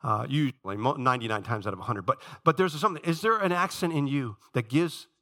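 A middle-aged man preaching a sermon, telling the story with lively energy and dropping low and quiet when he prays. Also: fast talker. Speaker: pastor.

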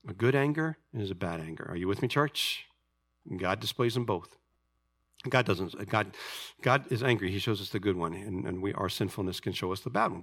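A man's voice: fairly low pitch, a bit bright. A man preaching a sermon as pastor, emphatic and calling out to his congregation.

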